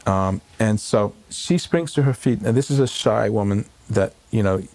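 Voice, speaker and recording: A man, a rabbi, recalling a painful day in an emotional interview, talking in halting bursts with many fillers and restarts. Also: fairly low pitch, a little mellow, dry recording, soft background music. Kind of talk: emotional personal recollection. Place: home.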